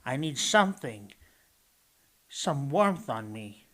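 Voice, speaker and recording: A man's voice: mid-range voice, big pitch swings, takes it slowly, a bit bright. A man voicing a cheerful male snowman who shivers from the cold, in a picture book read-aloud. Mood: shivering.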